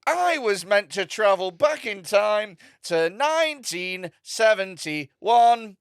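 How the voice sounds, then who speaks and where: A man voicing a clunky male robot comedian who beeps between slow, drawn-out words. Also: high-pitched, sing-song, gravelly, smooth, no room sound, studio quality, pitched above the performer's own voice, full character voice. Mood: robotic.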